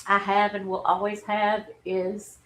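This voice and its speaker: A woman, telling a personal story in a halting, earnest and openly emotional way on a livestream. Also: medium pitch, little pitch movement, a bit bright, rough recording. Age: 40s. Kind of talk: candid personal livestream talk.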